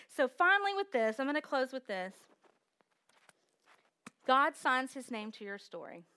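A woman preaching a sermon with energetic call-and-response exhortation. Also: high voice.

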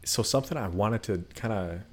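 A man in casual conversation about a Bible story, animated and quick to laugh. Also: on the low side. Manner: animated, acts out quotes with laughs.

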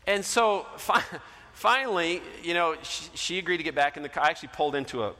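A middle-aged male pastor preaching a sermon, telling a story and acting out the voices in it, swinging between loud and soft. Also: fairly high pitch, expressive, fast. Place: large church hall. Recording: long hall reverb.

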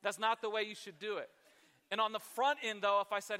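A man's voice: high-pitched, flat delivery, brisk, bright, forceful tone, clear, resonant tone, big-room sound. A man preaching a sermon as a pastor, conversational and self-deprecating, now and then acting out his own grumbling.

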